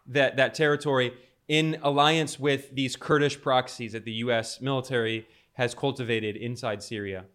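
A man's voice: medium pitch, normal speed, fairly bright tone, clear, resonant tone. A man giving political commentary, emphatic and indignant, stressing key words.

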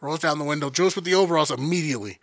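A man trading stories with his co-host in a loose, profane, teasing way. His voice sits a bit high and sounds bright and forceful. The sound is dry and close. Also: racing, no room sound. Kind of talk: casual chat, comic storytelling.

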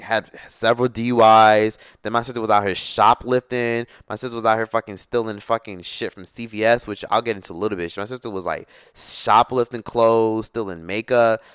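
A young man in his twenties speaks straight into the mic in a casual storytime vlog. His voice sits low, smooth and resonant, and he talks bluntly, swearing freely. The sound is close and dry. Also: no echo. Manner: blunt, profane, animated storytelling. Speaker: YouTuber.

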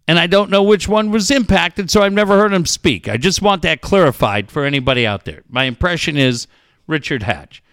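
Lively exclamatory man on a podcast. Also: fairly high pitch, clean tone, no echo, studio quality. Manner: guessing aloud, swearing, exclamatory. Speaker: co-host. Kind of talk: casual podcast banter.

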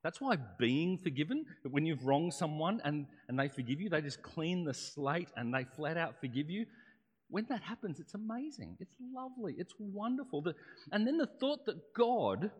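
A man's voice: fairly high pitch, very animated, moderate pace, breathy edge. A man preaching a sermon in a conversational way, often checking in with rhetorical questions. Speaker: pastor. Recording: long hall reverb.

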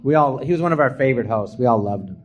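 Speaking very fast with lively intonation, this medium-pitched comedian tells rambling stories on a podcast at a live theatre, and the sound is lo-fi. It's a casual storytelling chat where he laughs a lot and acts out what people said.

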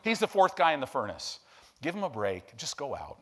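A man voicing a calm, hushed Jesus figure in a low, gentle, quiet tone. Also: brisk.

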